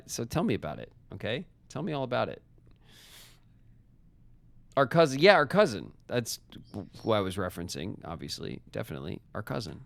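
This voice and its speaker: A man with a fairly low voice chats his way through a puzzle game on a live stream. He rambles, restarts sentences and teases his viewers as he goes. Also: creaky, no room sound. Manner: rambling, joking with chat, trailing restarts. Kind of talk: casual live-stream commentary.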